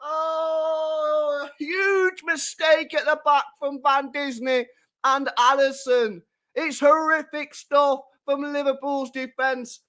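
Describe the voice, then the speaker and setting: A young man hosting a live football watchalong, reacting to the match, talking to his chat and bursting into shouts and laughter. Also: very high voice, takes it slowly. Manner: excitable, bursts into shouts and laughter, chats to viewers.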